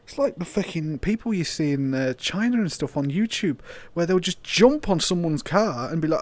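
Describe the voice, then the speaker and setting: A man's voice: on the high side, very animated, normal speed, no echo. Young guy playing a game, sweary, laughs a lot, voice jumps up and down. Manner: swears a lot, laughs, gets loud and disbelieving. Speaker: gaming YouTuber. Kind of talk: casual gameplay commentary.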